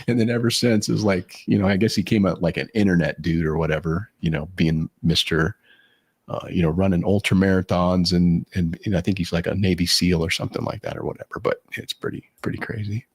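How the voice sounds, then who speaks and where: Gravelly, husky low-voiced man. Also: steady tone, a little fast. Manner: rambling storyteller with many fillers. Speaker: podcast co-host. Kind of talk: casual chat.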